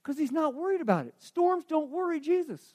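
A man preaching a sermon, asking the congregation questions and swinging between emphatic declarations and quiet reflection. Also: extremely high pitch, very animated, a little fast.

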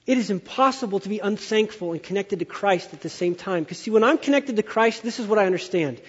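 A middle-aged male pastor preaching a sermon in a church, an animated storyteller who exaggerates for effect. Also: sits high, quick pace, breathy edge. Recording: dull sound with long hall reverb.

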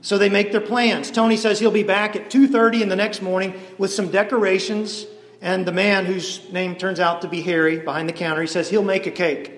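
A man preaching a sermon as an animated storyteller, voicing each character as he goes. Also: sits high, a little fast. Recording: echoey hall with long reverb.

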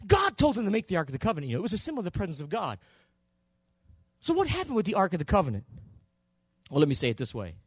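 A man preaching a sermon in a church, swinging between loud shouting and quieter low passages. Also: wildly swooping pitch, racing, husky, no room sound, studio quality. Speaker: pastor.

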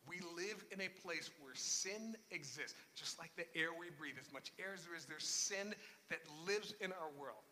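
Man, pastor, sermon, slightly high voice, conversational with restarts, long hall echo. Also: moderate pace, bright, forceful tone, a little hiss or hum. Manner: conversational preaching with repeated restarts.

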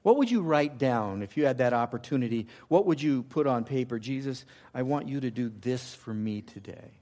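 A man's voice: medium pitch, expressive, normal speed. Man preaching a dynamic sermon. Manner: swings from loud emphatic preaching to hushed near-whispers. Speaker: pastor.

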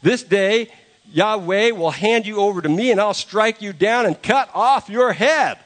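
A man's voice: high voice, measured pace, fairly bright tone, voice pushed up. A man voicing a bold young shepherd who defies a giant in declamatory speech. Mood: defiant. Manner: fired-up, declamatory. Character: bold young male shepherd warrior, defiant.

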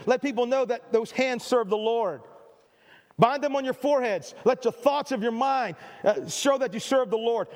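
A middle-aged man preaching with earnest emphasis, his voice sitting fairly high for a man. He often stumbles into restarts and repeats key phrases. The sound rings with the long reverb of a church hall. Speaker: pastor. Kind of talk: sermon.

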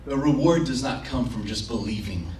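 A man's voice: medium pitch, expressive, normal speed, a little mellow, slight background noise. A man preaching a sermon as pastor, passionate and acting out prayers and imagined quotes, recorded in a church. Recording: roomy, from a distance.

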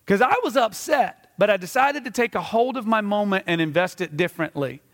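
A middle-aged man preaches from the pulpit, his voice sitting high for a man. He tells stories animatedly, acting out little scenes as he goes. The sound carries a long reverberant tail from the sanctuary. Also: animated, a little fast, fairly bright tone. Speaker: pastor. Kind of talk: sermon. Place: church sanctuary.

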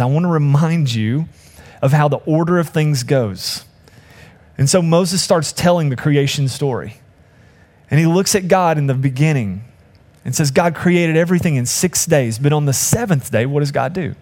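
A man's voice: fairly high pitch, moderate pace, a little mellow. A man preaching a conversational sermon as pastor, acting out quoted voices with humor.

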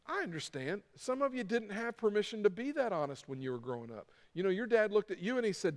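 A middle-aged pastor preaches to his congregation, hammering points home through repetition and acting out little quoted lines. His voice sits high for a man. A long reverb from a large hall trails each phrase. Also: sing-song, quick pace, few pauses. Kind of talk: sermon.

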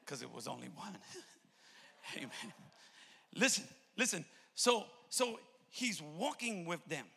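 A man preaching a sermon in a church, swinging between loud shouted peaks and low intimate asides, with a gravelly voice. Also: sing-song, takes it slowly. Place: church sanctuary. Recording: long reverb of a church hall.

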